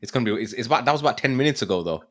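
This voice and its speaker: A man co-hosting a casual podcast who is playful and quick to poke fun at himself. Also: mid-range voice, expressive, fairly bright tone. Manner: playful, self-mocking. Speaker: podcast co-host. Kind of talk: casual chat.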